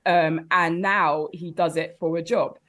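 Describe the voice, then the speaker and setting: A woman guest on a comedy podcast panel, telling stories in a lively, laughing way full of big exclamations. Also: on the low side, a little slow. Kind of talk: comic podcast banter.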